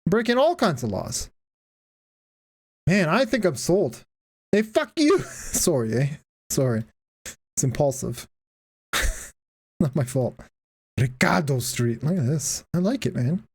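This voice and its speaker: A woman's voice: sits low, sing-song, slow, long pauses, darkish tone, breathy edge. A woman streaming a game, giving casual, profane, joking commentary and laughing often.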